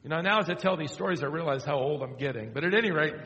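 A man's voice: a little high, a bit bright, dull audio. Older male preacher in an echoey hall. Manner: storytelling, slows down to quote scripture. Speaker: pastor. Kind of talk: sermon.

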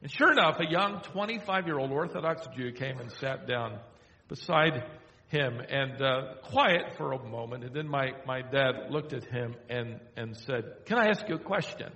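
An older man preaching a sermon, telling a story and slowing down to quote scripture. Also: medium pitch, sharp tone. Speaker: pastor. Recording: echoey hall.

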